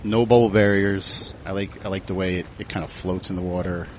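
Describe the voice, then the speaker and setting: A man's voice: sits low, steady tone, a little fast, a little mellow, slight background noise. A man co-hosting a podcast, recapping scenes in a dry, wry way during casual banter. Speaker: podcast co-host. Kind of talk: casual banter among friends.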